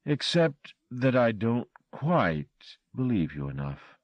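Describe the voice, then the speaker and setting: A man voicing a menacing, polite European stranger who speaks slowly and courteously. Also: on the low side, very animated, no room sound, dull audio, pitched above the performer's own voice. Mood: courteous menace. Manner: slow, courteous, quietly threatening.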